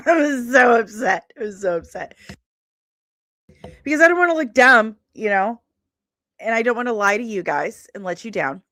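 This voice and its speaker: A woman's voice: medium pitch, animated, normal speed, long pauses, a bit bright, dry recording, studio quality. Tired, chatty woman hosting a stream. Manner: rambling, chatty, laughs often. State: tired after long travel. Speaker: livestream host. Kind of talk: casual chatty stream talk.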